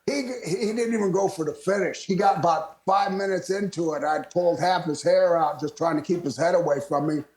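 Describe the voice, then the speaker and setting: An older man from Florida, a retired wrestler, telling lively stories as a guest and laughing often. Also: high voice, a little fast, few pauses. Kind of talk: storytelling interview. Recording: roomy echo.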